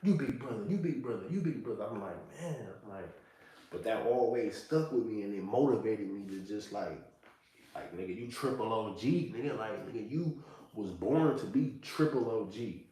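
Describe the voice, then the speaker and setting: A man's voice: lowish voice, normal speed, mellow. A man in his thirties sharing a reflective monologue in loose street slang, often repeating "you know what I'm saying.". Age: 30s. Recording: distant mic in a very echoey room.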